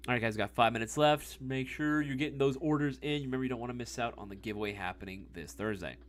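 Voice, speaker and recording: A man's voice: medium pitch, fast. A man in his thirties chatting casually on a live stream, reading the chat, laughing often and calling people "bro" and "dude.".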